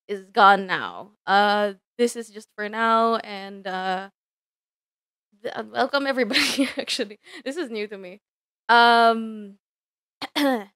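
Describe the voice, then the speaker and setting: Awkward inventor type, hesitant and halting, played by a woman in a lowered voice, slow. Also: a bit bright, no room sound. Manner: hesitant, halting, full of ums. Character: awkward shy scientist who built a robot girl. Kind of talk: live stream role-play.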